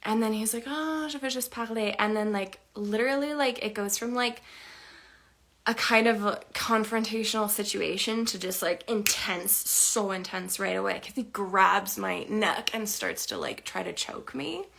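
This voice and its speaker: Young woman, storytelling monologue, chatty and emotional, slightly gravelly voice. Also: mid-range voice, unhurried, a bit bright. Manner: chatty and emotional, many "like" fillers. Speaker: spiritual teacher.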